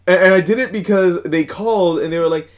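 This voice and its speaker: Rambling young man telling a story. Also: high-pitched. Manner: rambling storyteller, swears freely, halting restarts, laughs often. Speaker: podcast co-host. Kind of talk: casual chat.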